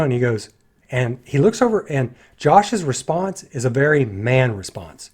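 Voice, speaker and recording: A man giving a casual spoken film critique, critical and animated, acting out lines of dialogue in his own voices. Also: mid-range voice, measured pace, slightly rough. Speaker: movie reviewer.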